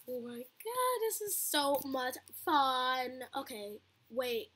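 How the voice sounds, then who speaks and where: A woman's voice: sits high, unhurried, husky. A young woman commenting casually on a video game she is playing, talking to her viewers and screaming a lot as she plays. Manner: screams often, excitable, talks to viewers. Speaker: gaming video host.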